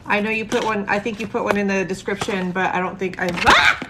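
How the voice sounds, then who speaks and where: A woman's voice: mid-range voice, steady tone, fast, heavy background noise. A woman giving tarot readings on a livestream, casual and scattered, with frequent ums and likes and free swearing.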